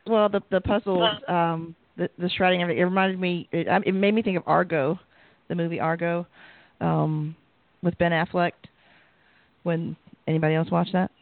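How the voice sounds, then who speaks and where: Gravelly man, halting talk, phone audio. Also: sits high, little pitch movement, dry recording, narrow, tinny audio. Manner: halting, many restarts and fillers. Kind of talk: casual TV recap chat.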